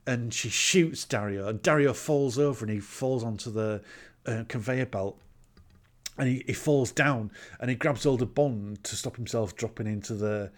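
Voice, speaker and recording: A man chatting casually as a podcast co-host, retelling a film plot with swearing and laughter. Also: mid-range voice. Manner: sweary, laughing, acts out characters in quick voices. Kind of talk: casual chat.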